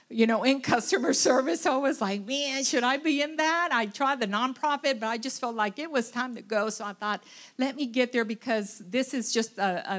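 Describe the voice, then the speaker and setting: A woman giving a tearful, halting testimony in church, full of restarts and fillers. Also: a little high. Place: church sanctuary.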